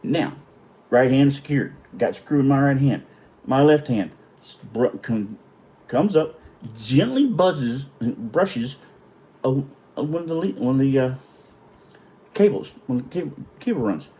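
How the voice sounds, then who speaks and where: A man's voice: medium pitch, animated, measured pace, pauses often, mellow. A middle-aged man telling a story in a casual, profane, self-mocking way.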